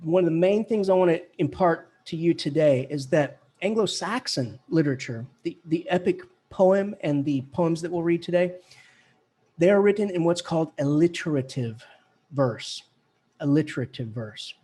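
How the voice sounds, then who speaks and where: A man teaching a college English class, lively and casual, chanting poetic rhythms aloud to show the beat. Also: fairly high pitch, normal speed, slightly rough. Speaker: English professor. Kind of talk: classroom lecture.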